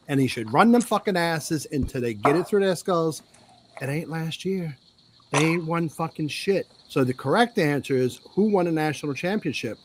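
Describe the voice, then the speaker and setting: A man co-hosting a sports podcast, delivering a heated, profane rant that swings from loud outbursts to low mutters. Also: expressive, moderate pace, a little hiss or hum.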